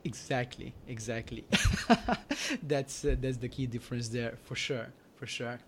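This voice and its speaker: A man hosting an interview on relationships, a coach speaking in a measured, agreeable way. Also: mid-range voice, lively intonation, a bit bright, slight background noise. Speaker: podcast host, relationship coach. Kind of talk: interview questions and commentary.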